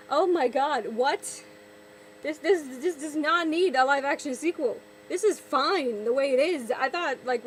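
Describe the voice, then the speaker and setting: A woman's voice: sits high, slight background noise, rough recording. A young woman vlogger ranting sarcastically, exasperated, often repeating and restarting her words. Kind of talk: ranting vlog commentary.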